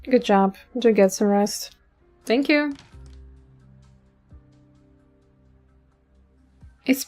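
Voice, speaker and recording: A woman's voice: medium pitch, a little mellow, lightly acted. A woman doing a stern, probing detective man. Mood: firm. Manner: firm, interrogating.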